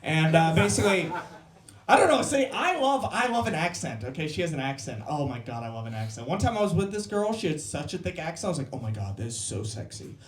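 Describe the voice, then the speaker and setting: Brash dude comic riffing with the crowd, handheld mic, echoey club. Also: male voice, a little high, lively intonation. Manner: brash, crude, quick jokes. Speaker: stand-up comedian. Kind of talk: stand-up set with crowd work. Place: comedy club stage. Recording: roomy club sound.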